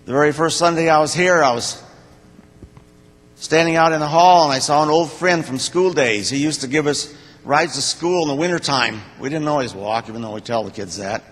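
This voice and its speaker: An older man giving a personal testimony to a church congregation, speaking in a plain, halting, heartfelt way. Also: a little high, fairly bright tone. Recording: long reverb of a church hall.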